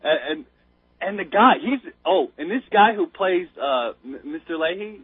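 A man calls in over a thin, tinny phone line, his voice husky and pitched a little high. He tells his story in an excited, rambling rush, stumbling and restarting as he goes, and the sound is dry and close. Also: normal speed, dry recording. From United States. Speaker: caller. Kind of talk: casual chat.

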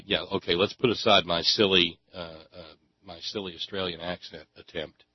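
Husky sarcastic ranting man. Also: sits low, fairly even intonation, normal speed, no echo, lo-fi sound. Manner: sarcastic, angry, swears freely. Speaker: political commentator. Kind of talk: ranting commentary.

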